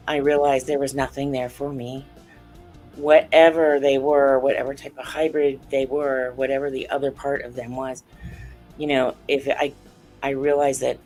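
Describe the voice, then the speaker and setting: Woman interview guest, earnest and animated storyteller, faint music underneath. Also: very deep voice. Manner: animated, acts out quoted dialogue, earnest. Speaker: guest, author and UFO researcher.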